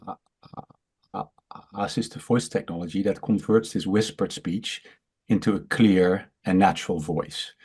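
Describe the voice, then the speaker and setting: Halting Dutch-accented man who stutters. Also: sits low, mellow. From Netherlands. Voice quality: stutters, with many fillers and repeated words. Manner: explanatory, halting. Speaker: startup founder. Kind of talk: interview on a video call.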